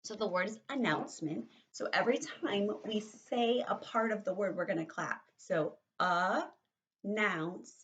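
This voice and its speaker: Kindergarten teacher, slow and encouraging. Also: female voice, medium pitch, lo-fi sound, a little hiss or hum. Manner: slow, encouraging, with lots of rhetorical questions. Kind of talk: reading lesson for young children.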